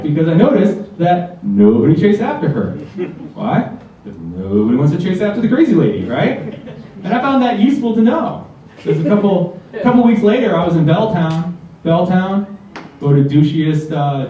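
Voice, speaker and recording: A man's voice: fairly high pitch, dark tone, slight background noise. A man performing a stand-up comedy set at a live show, telling a story and acting out the people in it. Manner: storytelling with acted-out quotes. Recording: distant, echoey, dull live room recording. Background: audience laughter.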